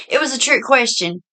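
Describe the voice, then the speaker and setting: A middle-aged woman with a Southern US accent, a bit hoarse, chatting in a folksy way through a casual haul video. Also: fairly high pitch, pushed and bright. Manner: chatty, folksy, says y'all. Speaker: vlogger.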